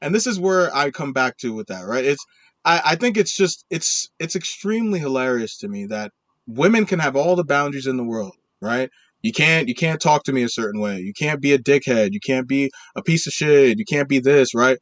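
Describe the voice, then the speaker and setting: A man's voice: mid-range voice, lively intonation, brisk, no room sound. A man co-hosting a casual podcast, arguing his points emphatically and often checking with "right?". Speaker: podcast co-host.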